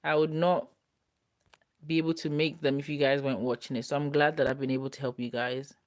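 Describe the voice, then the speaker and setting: A woman's voice: rumbling low, fairly quick. Chatty young woman on a live stream. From United Kingdom. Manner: chatty, relaxed, talks straight to viewers. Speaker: host reading viewer comments. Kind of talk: casual live-stream chat.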